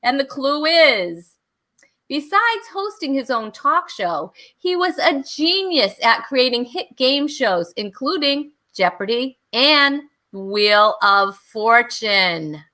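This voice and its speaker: A bubbly woman hosts a casual online talk show, running a trivia game and laughing often. Her voice sits high and sounds bright and sharp. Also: sing-song, slow. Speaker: host.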